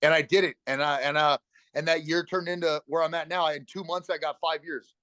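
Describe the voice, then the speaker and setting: As a podcast guest, a middle-aged man rushes through a raw recovery story, blunt, emotional and swearing freely. His slightly high voice holds a steady, sharp tone, and the recording has no echo.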